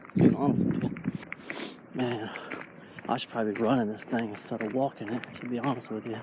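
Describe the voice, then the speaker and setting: A vlogger in his late thirties rambles casually while walking down a neighborhood street, saying "man" a lot. His mid-range voice is brisk with little pitch movement, and the outdoor recording is noisy with street sound.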